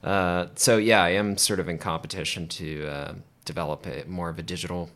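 A man's voice: sits low, fairly even intonation, a little fast, a bit bright. A young man from Texas, a podcast guest, chatting casually and hesitantly with many fillers and restarts. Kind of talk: casual interview chat.

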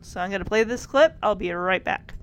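A woman's voice: mid-range voice, brisk, very noisy. A woman hosting a TV reaction video, recapping scenes in an emotional, gushing way. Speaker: TV show reaction host.

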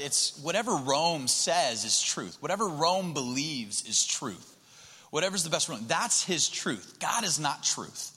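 Bright-voiced male pastor in reverberant hall. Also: a little high, slightly rough. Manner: conversational, repeats words, occasional laughs. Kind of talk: sermon.

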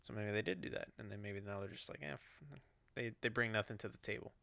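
A man's voice: fairly low pitch, flat delivery, quick pace, sharp tone, dry recording. A man co-hosting a podcast, swearing freely as he speculates in loose casual chat.

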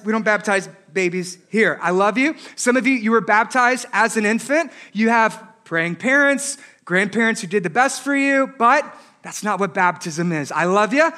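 A married man preaching a sermon as pastor, animated, with joking asides and rhetorical questions. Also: high voice. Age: adult, married.

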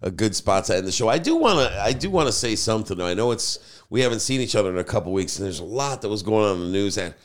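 Podcast host, male, lowish voice, loose rambling storyteller. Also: expressive, fast, few pauses. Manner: rambling, anecdotal, repeats "you know". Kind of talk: casual storytelling chat.

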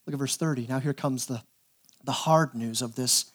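A man preaching a sermon as pastor, animated, acting out quoted voices and often repeating words as he starts a phrase. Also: medium pitch, moderate pace.

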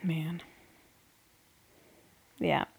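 A young woman talks through a reality show episode in loose, sarcastic podcast chat. She takes her time, drawing out her words at a slow pace, and breaks into laughs and swearing along the way. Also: low voice, level tone, gravelly, slightly rough. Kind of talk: casual chat.

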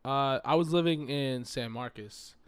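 A man with a New York accent touched by a Southern twang, chatting casually as a guest musician on a podcast, laid-back and quick to laugh. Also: mid-range voice, crowd noise. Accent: New York with a slight Southern twang. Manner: laid-back, laughs often, loose slang.

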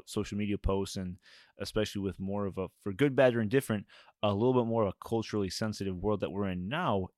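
A man hosting a casual interview, asking long halting questions with repeated words. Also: on the low side, a little mellow, dry recording, studio quality.

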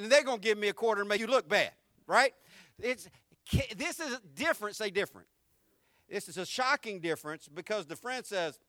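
High, bright-voiced man preaching animatedly. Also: a little fast, long pauses, dry recording, clean studio sound. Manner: animated, conversational preaching with slang and humor; repeats words when starting sentences. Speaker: pastor. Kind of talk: sermon.

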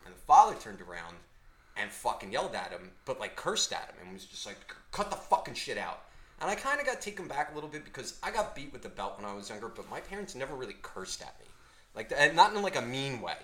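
A man co-hosting a podcast, telling a story in a casual, profane, animated way. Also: medium pitch, fast, roomy sound. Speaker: podcast co-host.

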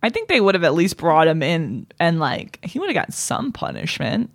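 Brief: chatty female co-host, animated voice, dry recording. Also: fairly low pitch, normal speed, creaky, no room sound. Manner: chatty, giggly, questioning. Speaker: podcast co-host. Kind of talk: casual chat.

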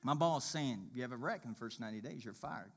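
A man telling a personal faith testimony in a sermon, shifting between quiet murmurs and loud, excited exclaiming. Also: fast, gravelly, husky. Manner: animated storyteller, swings from low murmurs to loud exclaiming.

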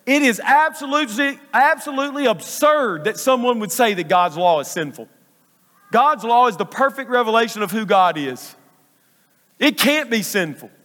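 High-voiced pastor preaching in a reverberant church. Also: male voice, animated, moderate pace, fairly bright tone. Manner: emphatic, repeats phrases for stress. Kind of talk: sermon. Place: church sanctuary. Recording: long reverb of a large church hall.

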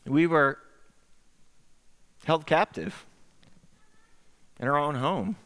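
A middle-aged man preaching a sermon, telling a story in an animated way and acting out the voices he quotes. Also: a little high, very slow. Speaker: pastor. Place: church sanctuary. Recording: echoey sanctuary with long reverb.

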